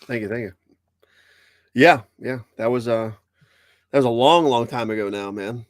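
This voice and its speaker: A man's voice: medium pitch, normal speed, dry recording, studio quality. A man chatting as a podcast guest, laid-back with chuckling reactions. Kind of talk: casual chat.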